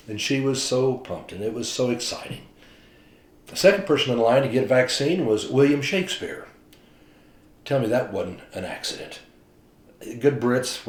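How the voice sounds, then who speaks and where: A man's voice: on the low side, roomy sound. A man, a pastor, telling stories in a casual, chatty devotional talk. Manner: chatty storytelling, animated retelling.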